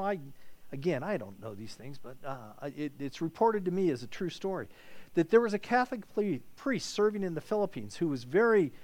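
A man's voice: high-pitched, a little mellow. A man preaching a sermon in an earnest way, often repeating words as he searches for them.

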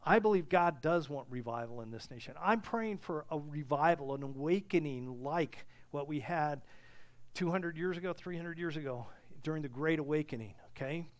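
A man's voice: on the high side, normal speed. A middle-aged man preaching a sermon as pastor, earnest and at times fervent, with many restarts.

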